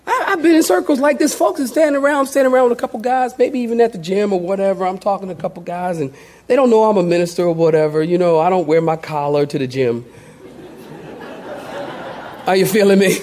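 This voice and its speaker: A middle-aged man delivers a sermon in a notably high voice. He preaches conversationally and acts out the people in his stories with playful impressions. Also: racing, a little mellow. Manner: storytelling with playful impressions and laughter. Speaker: pastor.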